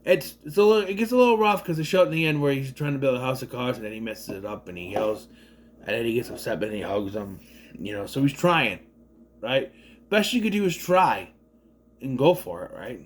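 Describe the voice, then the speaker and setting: A man casually retelling and reviewing a movie in a rambling, animated way with lots of fillers. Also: mid-range voice, brisk. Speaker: video reviewer.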